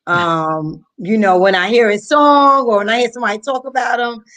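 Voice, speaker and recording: A woman from New Jersey hosting a live online talk, speaking casually and warmly with many pauses and ums over a video call. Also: fairly high pitch. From Paterson, New Jersey, US. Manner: soft-spoken, many ums, heartfelt. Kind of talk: casual live-stream chat.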